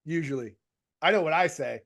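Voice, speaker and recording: A man's voice: fairly high pitch, a little fast, vocal fry, fairly bright tone. A man coaching a group on a video call, rambling and chatty with many restarts. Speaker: real estate coach. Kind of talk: live coaching talk to a group.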